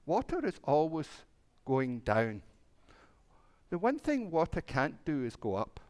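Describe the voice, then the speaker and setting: A minister tells a children's story in a church service, his voice rising and falling a great deal. He sits slightly high in pitch for a man and plays up the animals' lines with relish. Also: huge pitch swings, a little slow.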